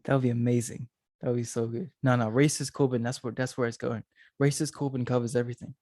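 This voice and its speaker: A man's voice: medium pitch, flat delivery, fast, mellow, dry recording, studio quality. A young man co-hosting a casual wrestling podcast with a friend, chatty and playful, cracking jokes. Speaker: podcast co-host. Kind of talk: casual chat.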